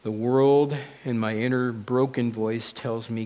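A man's voice: medium pitch, fairly even intonation, a little slow, few pauses, dark tone, long reverb tail. A male pastor preaching a sermon in a church, earnest and emphatic.

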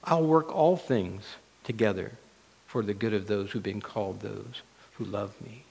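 A preacher speaking as God, calm and gentle, his voice dropped low and soft to soothe. A long reverb trails each phrase, as if in a large church. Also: a little slow, creaky, a little hiss or hum. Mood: reassuring. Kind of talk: sermon.

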